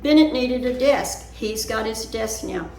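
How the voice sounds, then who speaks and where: A woman's voice: on the high side, unhurried, darkish tone. An older woman chatting casually to her viewers from her living room, rambling as she talks her worries through, in a roomy recording with a little background noise. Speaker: vlogger. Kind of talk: casual chat.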